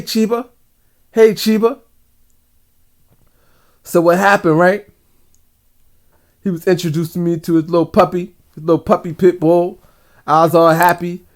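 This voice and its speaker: A man recounts a dream in a loose, rambling way, speaking straight to his audience with plenty of slang. His voice sits a little higher than most men's. It sounds unscripted and personal, like a casual vlog. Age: adult father. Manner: rambling, talks to viewers directly, slangy. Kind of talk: casual storytelling.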